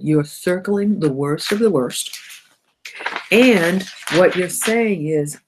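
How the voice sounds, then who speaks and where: A woman's voice: fairly low pitch, takes it slowly, a little mellow, a little hiss or hum. A middle-aged woman with a cold hosts a motivational broadcast, talking animatedly to viewers and often laughing and correcting herself. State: has a cold. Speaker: host of a self-help broadcast.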